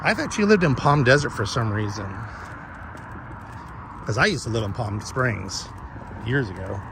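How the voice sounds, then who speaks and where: A gravelly, expressive mid-range voice at normal speed belongs to a man walking his dog outdoors against a noisy background. He chats casually with live viewers, telling a rambling, profane story.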